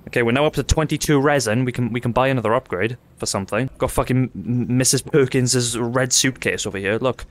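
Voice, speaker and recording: A man's voice: medium pitch, a little hiss or hum. A young man, commentating a game casually, swearing often and laughing easily. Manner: chatty, swearing, quick to laugh. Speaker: gaming YouTuber. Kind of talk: casual let's-play commentary.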